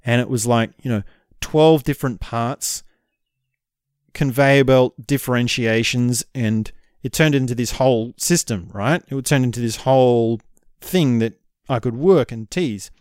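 A man's voice: medium pitch, unhurried, darkish tone, clear, resonant tone, dry recording, studio quality. A man talking straight to his own camera in a casual vlog monologue, reflective and rambling, with frequent "right?" asides. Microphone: camera mic.

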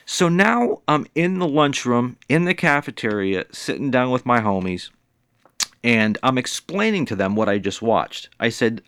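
A man's voice: mid-range voice, big pitch swings, measured pace, a bit bright, clean tone, dry recording, studio quality. A man in his forties casually telling a personal story, rambling and swearing freely.

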